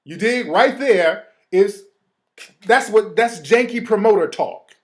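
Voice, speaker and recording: Animated streetwise male host. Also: high voice, slow pace. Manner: animated, streetwise slang, mimics others. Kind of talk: casual monologue.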